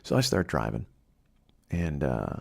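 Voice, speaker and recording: A man's voice: very deep voice, big pitch swings, unhurried, vocal fry, a little mellow, slightly rough. A middle-aged man hosting a podcast, telling a rambling, profane comedic story in a conversational way. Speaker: podcast host.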